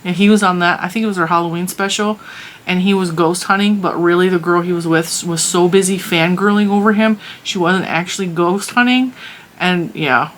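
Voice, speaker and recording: A woman's voice: lowish voice, fairly quick, a little hiss or hum. A woman hosting a vlog, chatting casually and teasingly with her child in a motherly way.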